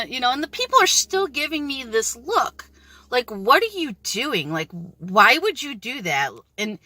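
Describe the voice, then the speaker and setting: A woman's voice: high voice, bright, forceful tone. A woman vlogger telling a store story in a casual, earnest, exasperated rant to camera.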